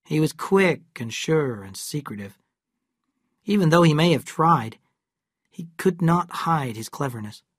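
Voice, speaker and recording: A narrator reading a classic novel aloud in slow, clear, evenly paced English for learners. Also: mid-range voice, lively intonation, dry recording, clean studio sound.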